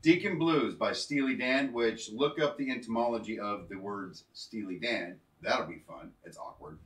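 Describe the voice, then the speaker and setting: A man's voice: on the low side, moderate pace, a bit bright. A man co-hosting a live show, chatting casually in a joking, self-mocking way. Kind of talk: casual live-stream chat. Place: indoor room at home. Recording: echoey room, mic at a distance.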